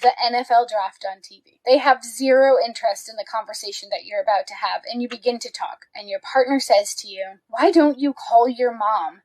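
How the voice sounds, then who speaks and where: A woman's voice: fairly high pitch, fairly even intonation, a little fast, few pauses, darkish tone, rough recording. A woman giving an explanatory presentation on relationship conflict, often checking in with a questioning "right?".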